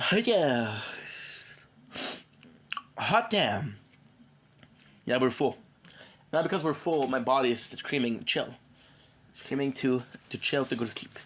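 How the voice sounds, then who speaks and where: A man's voice: medium pitch, normal speed, slight background noise. A tired man with a cold who streams, chatting casually and rambling with jokes to his viewers. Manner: rambling, joking. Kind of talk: casual live-stream chat.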